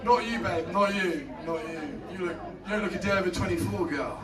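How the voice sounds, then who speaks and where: A man's voice: high-pitched, a little fast, far from the mic, a loud crowd. A British man doing a live stand-up set, teasing and flirting with the audience and laughing at his own jokes. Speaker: stand-up comedian. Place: comedy club stage. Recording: echoey club heard from afar. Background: loud audience laughter.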